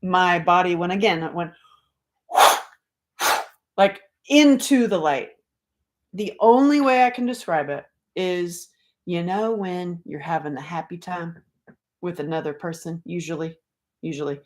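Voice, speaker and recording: A woman comedian telling a personal story in an animated way, jumping between loud exclamations and hushed asides, cursing and laughing often. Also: on the low side, normal speed.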